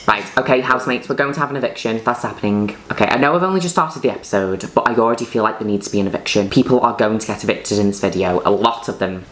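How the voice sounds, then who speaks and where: A woman with a very low voice hosts chatty, camp let's-play commentary. She exclaims often, and her voice rings in a roomy, echoey room. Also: fast, hardly any pauses, background noise. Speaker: host.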